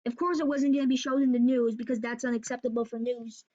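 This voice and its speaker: A woman's voice: a little high, fairly even intonation, quick pace, warm tone. A woman retelling a creepypasta in a casual, rambling way, often correcting herself. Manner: rambling, with restarts and self-corrections. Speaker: storyteller. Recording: dull lo-fi recording.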